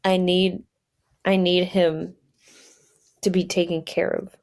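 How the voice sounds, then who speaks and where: A woman's voice: on the low side, level tone, takes it slowly, a little mellow. A woman voicing a worried mother who pleads hesitantly in a casual storytelling bit. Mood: pleading. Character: worried mother of a bully boy.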